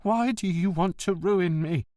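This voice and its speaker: Man voicing a shrill, pompous post office boss. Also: measured pace, dark tone, no room sound, studio quality. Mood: pleading. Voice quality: shrill, self-important. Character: pompous, high-strung male post office director.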